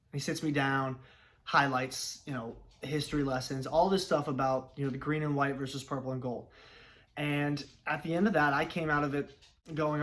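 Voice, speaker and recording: A young man from Los Angeles telling a personal story in a lively, chatty vlog. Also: on the high side, quick pace. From Los Angeles, United States. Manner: lively, chatty, acts out family dialogue. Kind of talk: casual storytelling.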